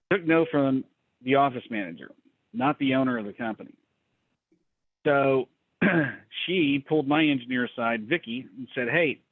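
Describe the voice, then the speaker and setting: A man coaching small business owners on a call, telling a story bluntly and acting out quotes. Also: dry recording. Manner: blunt, animated, acts out quotes in a higher voice. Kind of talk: casual storytelling talk. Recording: tinny phone-like call line.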